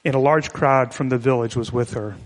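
A man's voice: medium pitch, brisk. Man preaching in a reverberant hall. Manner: conversational, explanatory, with restarts. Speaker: pastor. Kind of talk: sermon.

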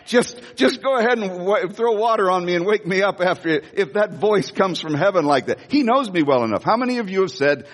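A man's voice: sits high, animated, moderate pace, fairly bright tone. A male pastor preaching a sermon, telling stories animatedly with emphatic repetition and frequent laughter. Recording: long reverb of a large hall.

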